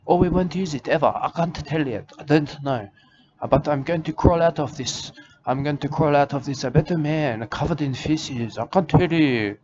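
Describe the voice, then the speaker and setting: A man's voice: on the high side, moderate pace, natural voice. A man playing a rambling, eccentric self-styled wildlife warrior in an absurd comic monologue. He stumbles through broken grammar, keeps saying "uh", and tacks on "mate" again and again. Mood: rambling melancholy. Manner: rambling, full of "uh", keeps saying "I can tell you" and "mate". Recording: dull lo-fi recording with clear background noise.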